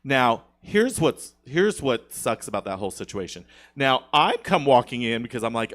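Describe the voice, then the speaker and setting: A man's voice: mid-range voice, normal speed, few pauses. Man telling an indignant story. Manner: animated, indignant storytelling with many restarts. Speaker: podcast guest. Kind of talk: casual podcast chat. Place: studio.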